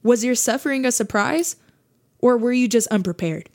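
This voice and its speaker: A woman's voice: a little high, moderate pace, a little mellow. A woman hosting a faith podcast, talking earnestly in a monologue and repeating her points for emphasis. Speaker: podcast host.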